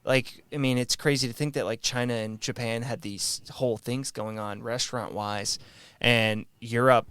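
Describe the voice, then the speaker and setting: A man's voice: mid-range voice, steady tone, normal speed, few pauses, fairly bright tone, clear, resonant tone. A man co-hosting a podcast in a laid-back, casual chat, swearing now and then and running a trivia quiz. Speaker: podcast co-host.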